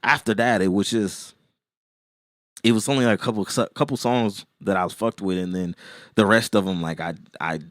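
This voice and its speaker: A man's voice: fairly low pitch, moderate pace, no echo, studio quality. A man co-hosting a podcast in loose casual chat, rambling with lots of fillers and restarts. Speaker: podcast co-host.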